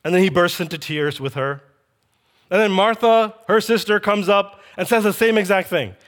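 A man's voice: high-pitched, moderate pace, a bit bright. A man preaching a sermon, telling a scripture story with animation and acting out the quoted lines.

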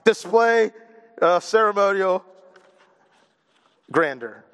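A man's voice: high-pitched, expressive, slow pace, a bit bright, smooth, in a large hall. A man preaching a sermon, joking and poking fun at himself between points. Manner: joking, self-deprecating asides. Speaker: pastor.

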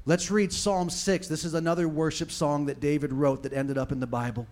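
A man preaching a sermon with passion, moving from hushed talk to shouting and reading scripture with dramatic emphasis. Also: on the high side, steady tone, a little fast. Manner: impassioned, swinging from hushed to shouting. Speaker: pastor.

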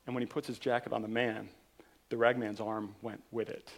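A man preaching from the pulpit, his voice carrying a rough, gravelly texture. He tells a parable with earnest intensity, swelling and then pulling back quietly. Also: on the low side, level tone, brisk. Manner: earnest, retelling a parable with rising and falling intensity. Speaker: pastor. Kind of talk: sermon storytelling.

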